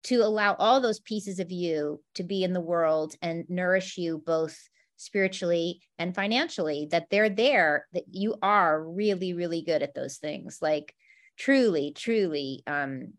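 A woman co-hosting a podcast, talking in a warm, encouraging way and reflecting back what her friend says. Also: lowish voice, unhurried. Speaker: podcast co-host. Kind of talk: supportive casual chat.

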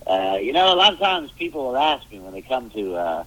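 A man doing a comic impression of a middle-aged male airline captain, who gives a halting announcement full of "uh"s and off-color asides. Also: mid-range voice, sing-song, a bit bright, rough recording. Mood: deadpan.

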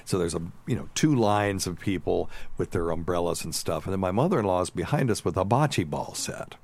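Deep-voiced man telling stories. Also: fairly quick. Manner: animated storyteller, shrill impressions of his mother-in-law. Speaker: radio show host. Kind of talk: casual storytelling chat.

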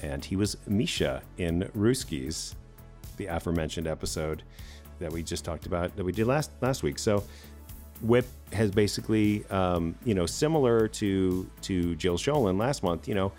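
A man's voice: low voice, normal speed, darkish tone, soft background music. A man co-hosting a podcast in rambling, conversational chat, sometimes mimicking other people. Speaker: podcast co-host.

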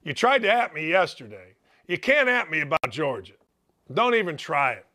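A man hosting a sports talk show, delivering an opinionated monologue with brash, emphatic outbursts and quieter, earnest stretches. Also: fairly high pitch, very animated, normal speed. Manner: brash, emphatic, bursts into loud exclamations; turns quiet and earnest on serious subjects.

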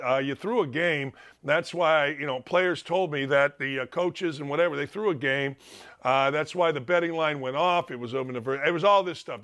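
Brash middle-aged male talk-show host, high-pitched, loud storyteller who mutters, then shouts. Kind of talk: opinionated sports talk monologue.

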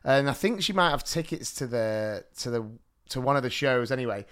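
A man, telling stories on a podcast. His voice is bright and lively and swings up and down a lot. The sound is smooth and clear. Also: medium pitch, a little fast. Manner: animated storytelling with laughs. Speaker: podcast co-host. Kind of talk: casual chat.

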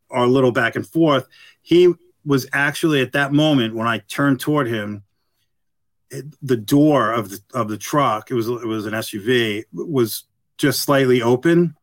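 A man's voice: medium pitch, dry recording. A middle-aged man, a retired police detective, tells a story as an interview guest. He rambles, stops and restarts, and fills his speech with "you know". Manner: rambling and halting, full of "you know" fillers.

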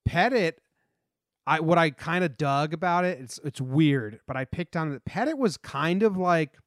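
A man's voice: fairly high pitch, lively intonation, moderate pace, no echo, studio quality. A young man co-hosting a casual sports podcast, chatty and meandering with lots of fillers. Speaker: podcast co-host.

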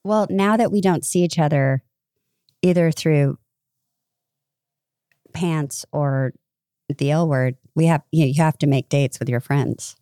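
A woman's voice: sits low, measured pace, long pauses, dark tone, clear, resonant tone, no echo, clean studio sound. A woman co-hosting a casual chat, rambling and cutting herself off mid-sentence. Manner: rambling, self-interrupting. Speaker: podcast co-host.

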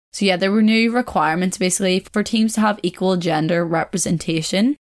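Young woman, podcast host, rambling casual chat, slightly low voice, self-correcting. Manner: rambling, chatty, corrects herself, laughs often.

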